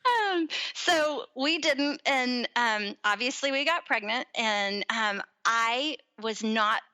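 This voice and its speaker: A woman's voice: a little high, expressive, slow, bright, forceful tone. A woman in her forties, a podcast guest, telling family stories in casual chat and acting out the voices of people in them.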